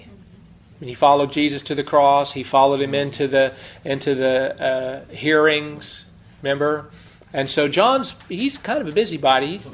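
A man teaching the Bible verse by verse in a conversational way, asking his class questions as he goes. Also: a little high. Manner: conversational, explains and asks the class. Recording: dull lo-fi recording.

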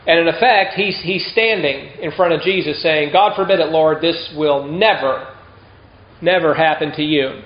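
A man preaching a sermon in a conversational way, often throwing rhetorical questions to the listeners. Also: on the high side. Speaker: pastor. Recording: roomy, dull lo-fi sound.

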